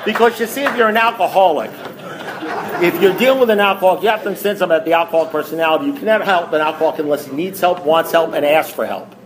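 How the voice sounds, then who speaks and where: A man sharing his recovery story at a meeting, telling it in an animated, self-mocking way with emphatic repetition. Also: on the high side, racing, crowd noise.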